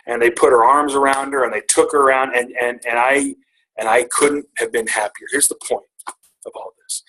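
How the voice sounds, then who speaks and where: Middle-aged man, bright tense tone, emotional storyteller who stumbles and restarts. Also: medium pitch, rough recording. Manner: earnest and emotional, with many restarts. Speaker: speaker on a team call. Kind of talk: personal storytelling.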